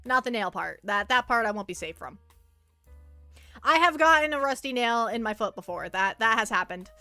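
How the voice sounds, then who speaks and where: Woman, high pitched, dry close sound, rambling casual stream chat, stammering. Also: lively intonation, moderate pace, pushed and bright, dry recording, soft background music. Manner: rambling, stammering, repeats words. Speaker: virtual streamer.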